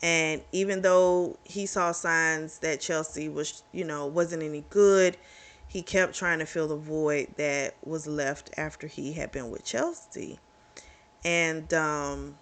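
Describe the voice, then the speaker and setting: A book reviewer casually recapping a romance novel's plot, chatty, with quick reactions and laughs. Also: mid-range voice, a bit bright.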